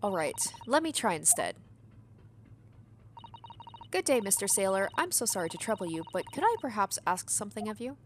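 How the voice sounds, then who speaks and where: A woman's voice: medium pitch, very animated, normal speed, pauses often, a little hiss or hum, lightly acted. A woman voicing a polite, hesitant young male student while reading a game aloud.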